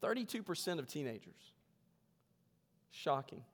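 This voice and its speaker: Male pastor, slightly higher voice, relaxed humorous sermon delivery, reverberant church hall. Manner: humorous, conversational preaching with slow emphatic scripture reading. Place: church sanctuary.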